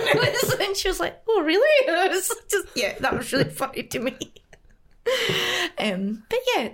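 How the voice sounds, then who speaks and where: A woman's voice: sits high, a bit bright. A woman co-hosting a podcast, chatting casually about films, laughing often and acting out quotes. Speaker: podcast co-host.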